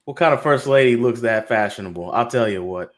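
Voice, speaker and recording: A man co-hosting a podcast, chatting casually and joking through shout-outs to listeners. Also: medium pitch, fairly quick. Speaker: podcast co-host. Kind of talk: casual live podcast banter.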